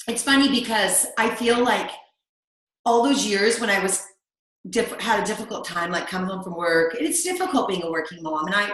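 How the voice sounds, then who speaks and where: A woman's voice: medium pitch, a bit bright. A middle-aged woman talking as an interview guest, chatty and confiding, often saying "you know". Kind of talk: casual interview chat. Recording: very echoey room.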